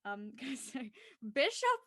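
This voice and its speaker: A woman's voice: high-pitched, very animated, takes it slowly, fairly bright tone, dry recording. A woman co-hosting a casual online fan discussion of a TV episode, bubbly and gushing, with lots of fillers. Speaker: podcast co-host.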